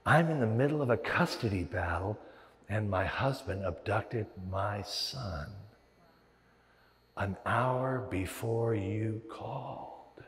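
A man's voice: on the low side, takes it slowly. A man preaching a sermon as pastor, telling stories and acting out the voices in his head. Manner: animated storytelling with acted-out inner voices. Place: large church hall. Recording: long reverb of a large hall.

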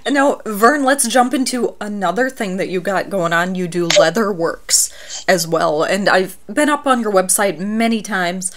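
A woman's voice: mid-range voice, measured pace. Female interview host, mid-range voice, friendly and conversational, often murmurs agreement. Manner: friendly and affirming, with frequent "mm-hmm"s. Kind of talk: casual interview talk.

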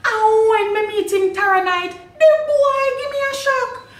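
A woman with a Jamaican accent giving a lively, performative recitation of a dialect poem, laughing between lines. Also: extremely high pitch, a little slow, roomy sound. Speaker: guest, designer. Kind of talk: dramatic dialect poetry recitation.

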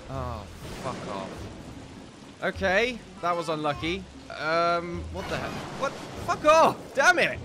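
A young man giving casual, joking commentary while playing games, chatty and quick to swear and laugh. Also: a little high. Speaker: gaming YouTuber. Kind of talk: casual let's-play commentary.

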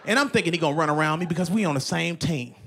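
A man doing stand-up comedy in an animated way, often breaking into shouts and laughter. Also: on the high side, very fast.

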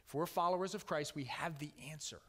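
Male preacher, slightly high voice, earnest, swings from loud to hushed; long church reverb. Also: a little fast. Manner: earnest, with wide swings in loudness, dropping soft on key words. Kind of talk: sermon. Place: church sanctuary.

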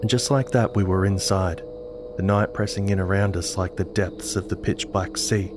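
A man narrating a scripted horror story in a measured, dramatic manner. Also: low-pitched, steady tone, noisy background. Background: music.

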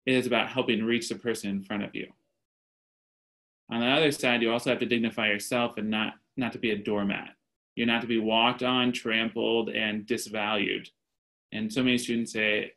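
A man's voice: on the low side, steady tone, moderate pace, vocal fry, fairly bright tone, poor audio. A man speaking as a panelist, earnest, telling stories and quoting voices, heard over a video call. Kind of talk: panel discussion.

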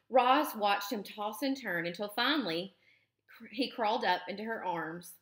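A woman teacher reading a children's novel aloud in a clear, expressive storytelling manner. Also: mid-range voice. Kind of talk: children's book read-aloud. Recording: roomy echo.

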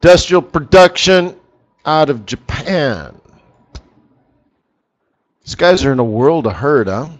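A man's voice: fairly high pitch, animated, takes it slowly, long pauses, highs cut off. Chatty man rambling on a live trading stream. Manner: chatty, rambling storyteller who laughs at his own jokes. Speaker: forex market strategist hosting a live session. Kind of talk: casual live-stream commentary.

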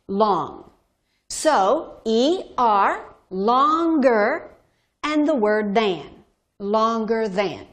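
A woman teaching grammar to learners, explaining slowly and deliberately, spelling out letters and repeating words. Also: on the high side. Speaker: English teacher. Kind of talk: slow, deliberate classroom explanation.

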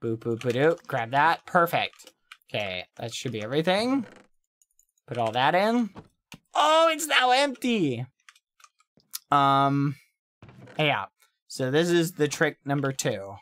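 Playful slow-talking young man streaming. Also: a little high, a bit bright. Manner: playful, with gasps and sung sound effects; chatty, addressing his chat. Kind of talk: casual gameplay livestream commentary.

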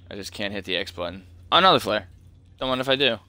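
A man's voice: fairly low pitch, rapid-fire, bright, forceful tone, clean tone. A hungover man streaming a horror game live, muttering frustrated questions to himself as he plays. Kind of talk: live gameplay commentary.

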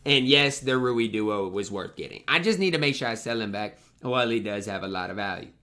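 A man's voice: fairly low pitch, expressive, a little fast, sharp tone. A young man, commenting live on his own basketball video game match, slangy and frustrated, trash-talking his teammates and opponent. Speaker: gaming YouTuber.

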